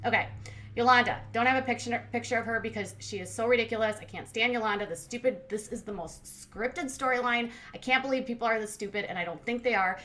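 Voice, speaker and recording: A woman's voice: a little high, fast talker, sharp tone. Sarcastic woman recapping reality TV. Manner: sarcastic, blunt, heavy use of "like". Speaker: commentary channel host. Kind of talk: casual reality-TV recap commentary.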